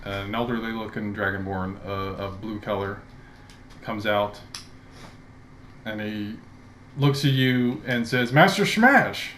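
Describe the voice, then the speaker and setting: A man narrating a tabletop game as dungeon master, in a slow, dramatic storytelling manner, speaking into a headset. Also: fairly low pitch, fairly even intonation, fairly bright tone, slight background noise.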